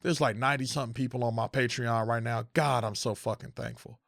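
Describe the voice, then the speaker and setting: A young man in an emotional, profane rant about unpaid creative work, repeating phrases and climbing toward shouting. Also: medium pitch, steady tone, fast, creaky, dry recording, clean studio sound. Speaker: content creator.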